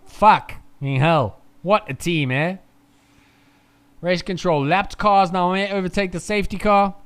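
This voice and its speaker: Sounding tired from too little rest, a young man rambles through live race commentary on his stream, cursing often and getting excited. His voice sits high, smooth, and measured in pace.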